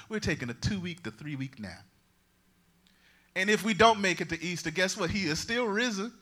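A man preaching a lively sermon as pastor, swinging from loud proclamations to quiet, joking asides. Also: on the high side. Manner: humorous, conversational asides.

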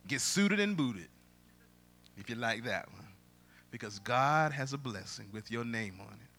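A man who is a pastor, preaching a sermon and breaking into loud song. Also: medium pitch, animated, unhurried, vocal fry. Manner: preaching with bursts of loud singing.

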